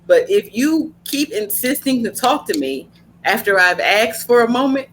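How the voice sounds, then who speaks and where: Woman podcast host, punchy and blunt, bright edge to the voice. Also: a little high, normal speed, a little hiss or hum. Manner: blunt, animated storytelling with slang. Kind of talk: casual podcast chat.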